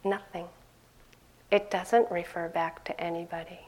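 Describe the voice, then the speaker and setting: An older woman giving a conversational dharma talk as a meditation teacher, laughing often and growing animated as she tells stories. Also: mid-range voice, unhurried.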